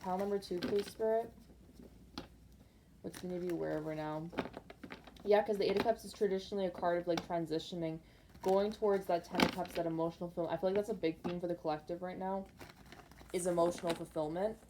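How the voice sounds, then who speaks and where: A woman's voice: on the low side, fairly even intonation, a little fast, noisy background. A woman doing a casual pick-a-card tarot reading, rambling and speaking intuitively to viewers with lots of fillers.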